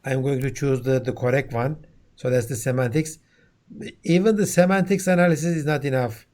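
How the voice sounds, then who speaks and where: A man's voice: medium pitch, fairly even intonation, fairly quick, a little mellow. A man with a Turkish accent giving a university lecture, who often checks in with "okay?" and "right?" and restarts his words. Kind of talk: classroom lecture.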